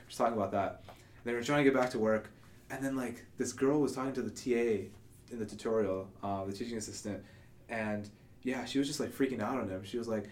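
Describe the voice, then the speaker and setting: A young man co-hosting a podcast, relaxed and laughing often as he tells a story with casual swearing. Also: medium pitch, quick pace, a little hiss or hum. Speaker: podcast co-host.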